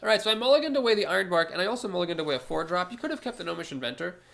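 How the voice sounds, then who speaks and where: A man's voice: high-pitched, expressive, racing, vocal fry, fairly bright tone. A man with a cold, sounding nasal, talking through his card game moves aloud as a streamer. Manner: analytical, talks through each move aloud. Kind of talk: casual gameplay commentary.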